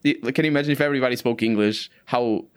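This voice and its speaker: A man in casual chat, pushing back with halting, restarting sentences. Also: mid-range voice, clear, resonant tone.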